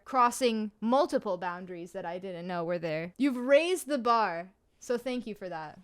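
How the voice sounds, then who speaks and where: A young woman with a fairly high voice, mocking what she reads aloud. She sounds sarcastic and incredulous and breaks into laughter often, like a host doing comedic commentary. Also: fairly bright tone, clear, resonant tone.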